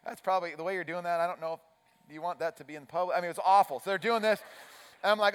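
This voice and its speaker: A man's voice: high-pitched, fairly even intonation, racing, clean tone. A man preaching a sermon, telling a self-mocking story and acting out his own chipper coach voice. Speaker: pastor. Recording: long reverb of a large hall.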